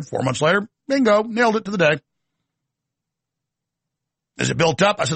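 A man's voice: on the high side, animated, fairly quick, creaky, long pauses, a bit bright, slightly rough, no echo. A man hosting a political talk show, delivering an emphatic, ranting monologue with sardonic asides.

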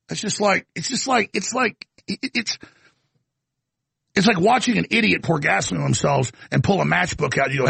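A middle-aged male radio host with a deeply gravelly, raspy voice that rides high and swoops wildly. He rants in a heated monologue, bursting into shouts and then dropping to mumbled apologies. The sound is close and dry. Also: sing-song, brisk, no echo. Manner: ranting, swings from shouting to muttered apologies. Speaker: radio talk show host.

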